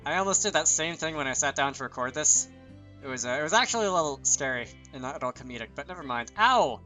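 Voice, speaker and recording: Man, slightly high and bright, reads a visual novel with joking asides. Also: expressive, fast talker, faint music behind. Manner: self-deprecating, chatty asides. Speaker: channel host.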